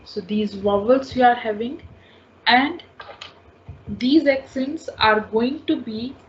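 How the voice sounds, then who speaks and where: A woman's voice: fairly high pitch, takes it slowly. A woman teaching a French lesson, patiently repeating each word and sound several times. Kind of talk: slow spoken language lesson. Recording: dull lo-fi audio with faint ambient noise.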